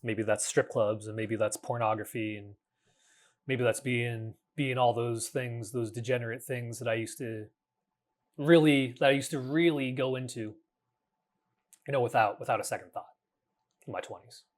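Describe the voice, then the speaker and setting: A man in his thirties hosting a reflective solo podcast, talking earnestly in a halting way with frequent restarts and casual swearing. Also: mid-range voice, fairly even intonation. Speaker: podcast host.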